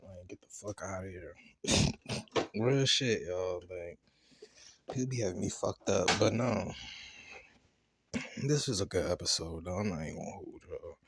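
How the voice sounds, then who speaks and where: Man, low voice, AAVE, casual profane show-review rant, laughs easily. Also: normal speed, gravelly, pauses often, slight background noise. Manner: loose, chatty, profane storytelling with laughs.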